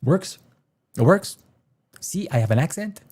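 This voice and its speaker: A middle-aged man talks casually to his livestream audience, rambling from one thought to the next and laughing at his own jokes. His voice sits a bit high and swings widely in pitch as he goes. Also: lively intonation, measured pace, a little mellow, slightly rough. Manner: rambling, joking, laughs often. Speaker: livestream host.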